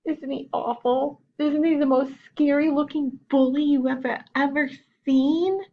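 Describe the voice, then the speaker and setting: A woman's voice: high voice, unhurried, highs cut off, voice pushed up. A woman voicing a frightened young male raccoon cub in a storybook reading, pleading and anxious.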